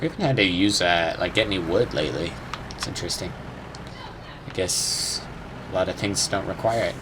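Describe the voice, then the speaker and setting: A man's voice: deep voice, normal speed, noisy background. A young man chatting casually over his gameplay, rambling and unsure, swearing now and then and humming little sound effects. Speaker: gamer.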